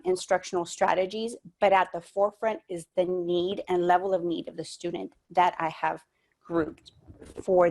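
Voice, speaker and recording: A woman teaching an online training session for adult education instructors, explaining reading methods in a measured way with frequent fillers. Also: fairly low pitch. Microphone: computer mic on a video call.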